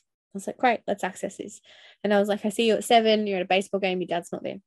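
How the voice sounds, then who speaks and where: A woman talks through her own thoughts on a solo podcast, candid and reflective, with the odd swear word. Her voice sits at a middling pitch. The recording is dry and close, with no room sound. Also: fairly even intonation, quick pace, dry recording. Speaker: podcast host and coach.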